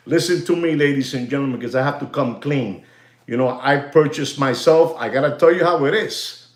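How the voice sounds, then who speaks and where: A man's voice: fairly high pitch, animated, a little fast, reverberant. Hyped man hosting a live watch show. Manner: hyped, repetitive, salesman-like hype with many fillers. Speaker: watch channel host. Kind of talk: live-stream market update.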